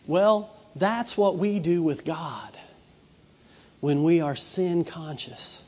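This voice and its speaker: A middle-aged pastor preaches in a chatty, storytelling way and slips into children's voices. His voice sits high for a man. The recording is dull and carries a long hall echo. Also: slow pace, darkish tone. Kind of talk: sermon.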